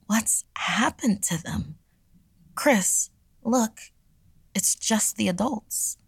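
A woman's voice: medium pitch, lively intonation, very slow, creaky, husky, dry recording, voice pushed up, exaggerated voice. A woman voicing a frightened teenage girl who whispers urgently in a horror story.

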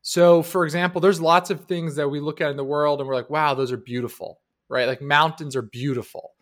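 With a steady, brisk voice on the high side, a man co-hosts an advice podcast. In casual conversation he argues his opinions emphatically, often shifting his pace.

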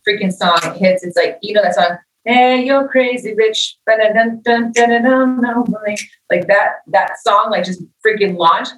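A middle-aged woman musician, a guest in a casual interview, tells animated stories and acts out the people and dialogue in them. Her mid-range voice sounds far from the mic and reverberant in a low-quality recording.

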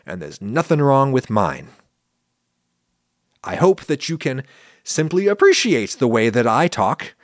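A man's voice: medium pitch, no room sound, studio quality. An American man hosting a podcast, answering listener questions in a wry, opinionated, emphatic monologue. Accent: General American. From United States. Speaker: podcast host.

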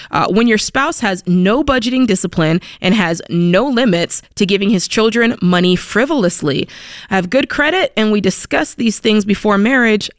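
A woman co-hosts a call-in money show, reacting in a playful, expressive way. Her voice is smooth and clear and sounds dry and close to the mic. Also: mid-range voice, no echo. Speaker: co-host of a money advice show. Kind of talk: casual radio advice talk.

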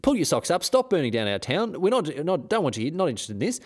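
A man's voice: fairly high pitch, wildly swooping pitch, fast talker, voice pushed up. A man voicing an annoyed male townsman who scolds soldiers bluntly. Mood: scolding.

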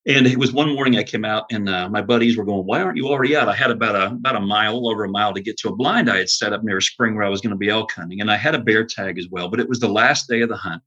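A man's voice: lowish voice, racing, hardly any pauses, sharp tone, slightly rough, dull audio. A man who is a bow hunter and podcast guest, telling an earnest hunting story in casual conversation, with many restarts.

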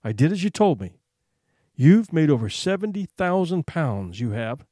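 A man voicing a furtive gardener who whispers low and quietly at a sickbed in a story reading. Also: sing-song, moderate pace, dry recording, studio quality. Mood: hushed. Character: sharp-eyed gardener, a hushed, furtive man.

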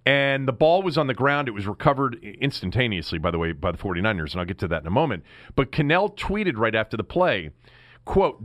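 A man hosting a sports talk show, telling stories in an animated way. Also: medium pitch, quick pace, no echo, studio quality. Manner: animated storyteller. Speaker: sports radio host. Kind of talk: sports talk radio banter.

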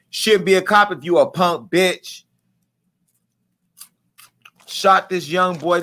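A man hosting a commentary vlog, talking in an animated, profane, joking way about gossip and the news. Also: medium pitch.

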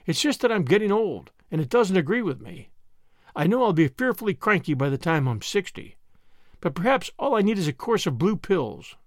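A man's voice: sits high, very animated, moderate pace, no room sound, studio quality. A man reading the part of a wistful, romantic middle-aged woman in an audiobook, dramatic and melancholy.

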